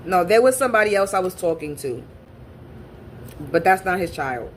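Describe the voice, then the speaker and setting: A woman's voice: on the low side, lively intonation, normal speed, a little hiss or hum. A woman telling a personal story in a casual, blunt and profane way, repeating points for emphasis. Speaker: spiritual reader and channel host.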